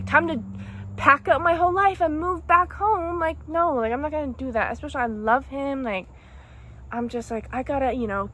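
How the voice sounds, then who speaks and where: A young woman recounts a painful breakup in a loose, emotional storytime ramble, her voice sitting a little high for a woman. She leans on "like" and "dude" as she talks, and a faint hum sits under the recording. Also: fairly bright tone. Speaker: vlogger. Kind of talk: casual storytime monologue.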